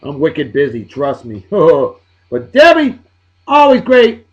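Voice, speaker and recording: A man, hosting a show and giving chatty, upbeat shout-outs with playful asides. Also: a little high, wildly swooping pitch, slow pace, dull audio. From Massachusetts, USA. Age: 40s. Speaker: video show host. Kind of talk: casual birthday shout-outs.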